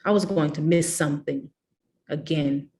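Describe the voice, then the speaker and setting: A woman reading a novel aloud in measured, expressive narration for a public reading. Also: low-pitched. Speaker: reader.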